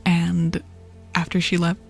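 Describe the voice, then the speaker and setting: A young woman streamer in a soft whispered role-play style, gossiping with her chat and laughing often, with faint music behind. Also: on the low side, completely flat delivery, slow pace, gravelly, breathy edge. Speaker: ASMR streamer.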